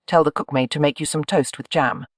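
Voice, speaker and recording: A reader doing a crisp, cold mother. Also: medium pitch, steady tone, a little fast, no room sound, studio quality, natural voice. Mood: cold, reproachful. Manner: crisp, accusing. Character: cold, bitter mother in her forties.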